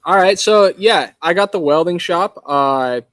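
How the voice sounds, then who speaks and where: A man's voice: high voice, animated, unhurried, fairly bright tone, no echo. Laid-back Arizona man on a video call. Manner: laid-back, rambling, filler-heavy talk. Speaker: podcast guest, welding shop owner. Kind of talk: casual interview chat. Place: his welding shop.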